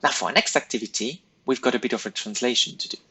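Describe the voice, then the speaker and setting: A male teacher with a slightly husky, breathy voice at a mid pitch talks pupils through a recorded lesson. He is patient and methodical, setting out each step in turn. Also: fast, sharp tone, low-quality recording. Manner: patient, step-by-step, clearly paced directions to pupils. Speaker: French teacher. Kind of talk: recorded classroom lesson instructions.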